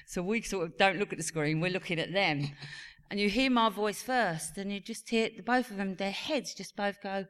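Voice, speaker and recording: A woman in her forties with an English accent telling a lively family story on stage, acting out the voices of her sons. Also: a little high, fairly quick, a little hiss or hum. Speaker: actress on a reunion panel. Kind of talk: live stage Q&A anecdote. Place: cinema venue on stage.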